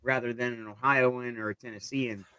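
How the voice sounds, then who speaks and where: A man's voice: mid-range voice, fairly even intonation, moderate pace, sharp tone, smooth, dry recording. An American man with a Californian accent, speaking hesitantly with many fillers as a guest on a video call. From United States. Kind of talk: casual video-call chat.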